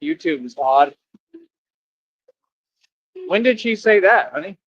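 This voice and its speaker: A man's voice: high-pitched, expressive, takes it slowly, fairly bright tone, highs cut off, a little hiss or hum. A man hosting a livestream, talking casually to his chat and mocking commenters in a combative way. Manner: combative, mocking, talks back to viewer comments. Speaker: livestream host.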